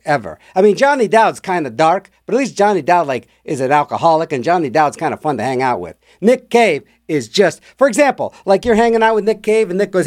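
A man's voice: sits high, lively intonation, brisk, hardly any pauses. A male radio DJ back-announcing songs in casual, rambling patter, jokey and full of restarts.

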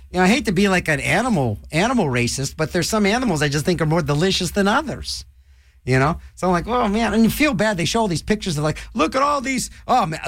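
A man's voice: high voice, fairly bright tone, no room sound. A middle-aged man talking as a college radio DJ, rambling in a manic, jokey way with lots of fillers. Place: radio studio.

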